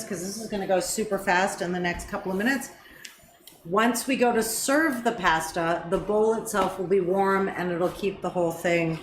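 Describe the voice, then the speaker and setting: Chatty, swearing woman cooking. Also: mid-range voice. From Canada. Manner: chatty, swearing, rambling asides. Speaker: cooking show co-host. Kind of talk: casual cooking chat. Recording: echoey kitchen with background noise.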